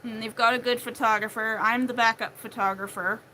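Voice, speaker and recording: Chatty young woman with a bright voice. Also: fairly high pitch, fairly even intonation, fairly quick, a little hiss or hum, poor audio. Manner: chatty, acts out quotes of family in shifting voices. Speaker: crochet vlogger. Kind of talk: casual chat while crocheting.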